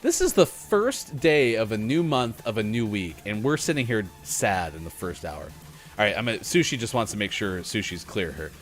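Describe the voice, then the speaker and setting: A man's voice: fairly low pitch, lively intonation, moderate pace, soft background music. A man hosting a gaming morning show, joking and rambling between readings of a gaming history list. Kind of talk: casual chat.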